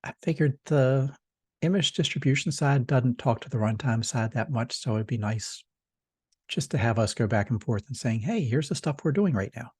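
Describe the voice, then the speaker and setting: A man's voice: mid-range voice, expressive, moderate pace, a little mellow, slightly rough, no room sound. A man speaking easily and with dry understatement in casual chat during meeting prep. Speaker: meeting participant.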